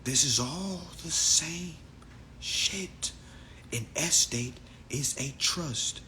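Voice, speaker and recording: A young man hosting a casual livestream from a phone, talking in an animated, profane way and laughing often. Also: on the high side, extremely slow, slight background noise. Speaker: livestream host.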